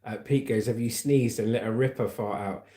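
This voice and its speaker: A man chats casually on a livestream, rambling along as he reads viewer comments aloud. His voice sits mellow and dark, at a middling pitch. The sound carries the echo of a roomy space. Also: fairly even intonation, normal speed. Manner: chatty, rambling, calls viewers mate and brother. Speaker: livestream host reading chat. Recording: roomy echoey room.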